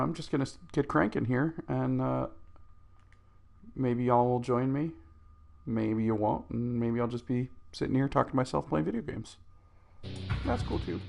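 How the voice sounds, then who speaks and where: A man's voice: medium pitch, creaky, a little mellow. A man streaming a game alone, chatting to his viewers in a rambling, hesitant way full of restarts and fillers. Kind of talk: casual solo stream chat. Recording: game music and crowd noise behind.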